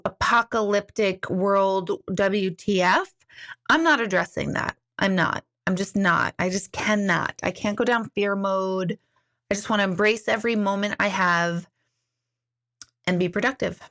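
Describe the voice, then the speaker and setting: A woman's voice: mid-range voice, unhurried, fairly bright tone. Chatty tipsy woman livestreaming. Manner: chatty, candid, swears casually. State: slightly tipsy after two glasses of wine. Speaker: livestream host. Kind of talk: casual live-stream chat.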